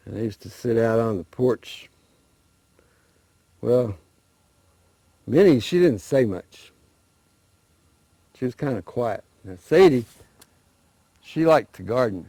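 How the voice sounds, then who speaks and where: A man tells folktales aloud in an easy, conversational manner, with little stumbles and restarts along the way. His voice sits low and the sound is close and dry, with no room around it. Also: no room sound. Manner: relaxed, conversational, with small restarts. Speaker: storyteller guest. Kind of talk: oral folk storytelling.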